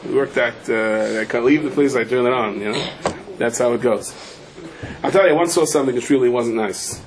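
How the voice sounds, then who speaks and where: A middle-aged rabbi speaks briskly through a humorous sermon built on anecdotes, slipping in Yiddish and Hebrew and raising his pitch sharply for quotations. Noise is audible in the background.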